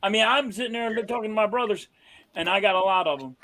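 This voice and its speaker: High-voiced man telling a fan story. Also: background noise. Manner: storytelling, profane, drawn-out emphasis. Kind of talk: casual sports talk.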